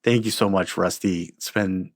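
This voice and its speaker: A man's voice: low voice, fairly even intonation, moderate pace, dry recording, clean studio sound. A man hosting a podcast, speaking in an easygoing, casual way as he wraps up the show. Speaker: podcast host. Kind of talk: casual conversation.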